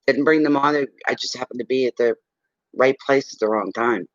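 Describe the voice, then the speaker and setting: Brief: a tarot reader at home, blunt and salty-tongued, casual chat, muffled dry sound. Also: male voice, medium pitch, brisk, dry recording. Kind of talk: casual livestream chat and readings.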